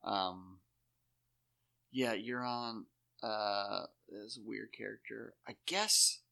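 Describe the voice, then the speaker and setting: A man talking in rambling, profane casual chat, jumping into high put-on voices to act out scenes. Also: slow, vocal fry. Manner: animated, acts out characters in high put-on voices. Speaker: podcast co-host.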